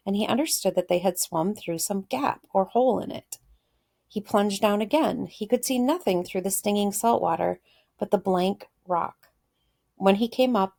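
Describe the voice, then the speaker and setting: Gravelly-voiced woman teacher reading aloud. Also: on the low side, darkish tone. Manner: thinks aloud, pausing with fillers. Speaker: literature teacher. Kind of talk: reading a story aloud with commentary.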